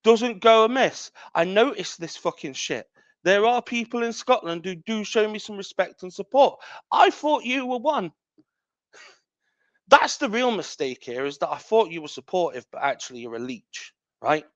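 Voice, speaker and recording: A man's voice: high-pitched, lively intonation, normal speed, no echo, lo-fi sound. A man, a wrestling champion cutting an angry, profane, taunting promo as a podcast guest.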